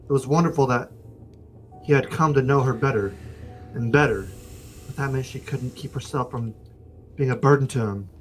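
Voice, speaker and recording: A man's voice: medium pitch, moderate pace, long pauses, soft background music, poor audio. A man streaming, reading a visual novel aloud with casual joking asides to chat. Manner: casual, joking asides between narrated lines.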